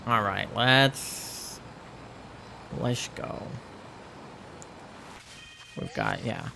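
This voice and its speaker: Young male streamer, headset mic, gravelly and rambling, relaxed chat filler. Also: medium pitch, extremely slow, slight background noise. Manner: chatty, rambling, many fillers. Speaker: livestreamer. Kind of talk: casual chat while gaming.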